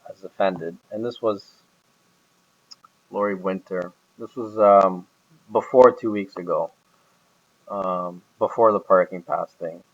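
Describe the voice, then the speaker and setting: A man's voice: low-pitched, steady tone, takes it slowly, long pauses, highs cut off. A man talking casually about his boss, rambling with many hesitations and restarts. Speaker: employee describing his boss. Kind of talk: casual recorded conversation.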